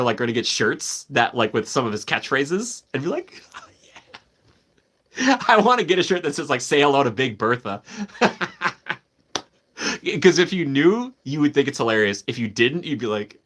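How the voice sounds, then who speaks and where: A man's voice: fairly high pitch, big pitch swings, normal speed, fairly bright tone. A man hosting a live stream, chatting casually and enthusiastically, answering viewers by name and laughing often.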